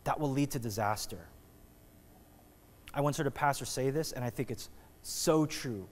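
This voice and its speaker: A long church-hall reverb surrounds a pastor whose sermon is relaxed, humorous and chatty, with frequent restarts mid-sentence. His medium-pitched voice moves at normal speed in the sanctuary.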